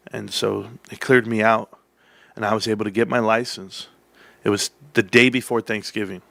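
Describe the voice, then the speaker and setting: A man's voice: lowish voice, creaky, a bit bright, no room sound. A middle-aged man telling a long personal story in a casual, rambling way, acting out the dialogue with restarts along the way. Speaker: stock channel host.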